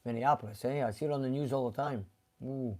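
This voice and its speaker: A man's voice: medium pitch, fast talker, mellow. A man hosting a casual live stream from a garage, reading viewer comments aloud and chatting about them, sometimes slipping into Greek. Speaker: host reading live chat. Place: car garage shop.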